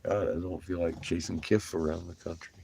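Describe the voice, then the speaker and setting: A man's voice: low-pitched, steady tone, a little fast, gravelly, dark tone, slight background noise, rough recording. A laid-back man vlogging from the road, who chats casually, swears freely and often laughs. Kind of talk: casual chat.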